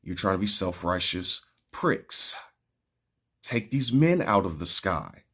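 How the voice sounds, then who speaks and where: A man's voice: low voice, very animated, takes it slowly, pushed and bright, breathy edge, heavily acted. A man voicing a brash, irritable old male scientist from a cartoon who talks bluntly and with exasperation. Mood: mocking.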